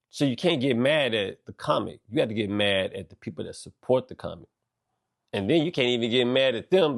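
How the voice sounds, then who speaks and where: A middle-aged man hosting a podcast, delivering a loose, animated monologue full of slang and swearing. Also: lowish voice. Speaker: podcast host. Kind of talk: casual monologue.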